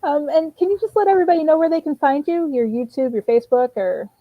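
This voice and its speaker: A woman's voice: sits high, quick pace, phone-quality sound. A woman hosting a talk show, speaking in short, attentive phrases and thanking her guest. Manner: attentive, brief affirmations, light laughter. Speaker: host. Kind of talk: interview host.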